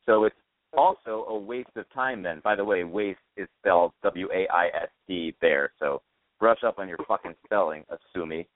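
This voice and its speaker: A man's voice: sits low, moderate pace, no echo. An American man hosting a casual chat by phone, swearing freely and adding wry asides. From United States. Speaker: podcast host. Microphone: phone call. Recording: dry, tinny phone line.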